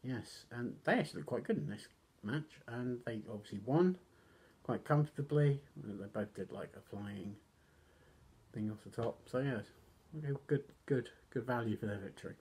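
A man talks loosely through a wrestling recap, circling back with fillers and poking fun at himself. His voice is husky and breathy, at a middling pitch, with occasional coughs. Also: moderate pace, darkish tone. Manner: rambling, self-deprecating, coughs often. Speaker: wrestling reviewer. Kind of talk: casual recap.

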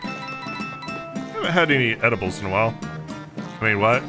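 Man from texas, casual gameplay commentary, chatty and joking, mid-pitched voice, game music behind. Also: sing-song, moderate pace, long pauses. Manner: chatty, joking, self-mocking asides. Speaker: let's play host.

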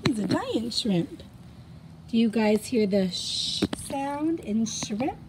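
Young female teacher, lively sing-song delivery, slow and clear, noisy home recording. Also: a little high. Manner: sing-song, encouraging, sounds out letters. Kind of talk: children's phonics lesson.

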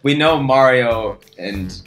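A man's voice: mid-range voice, animated, slow. A young man hosting a comedy video, chatting casually and reading a fan story aloud with crude, giggly asides. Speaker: YouTube host.

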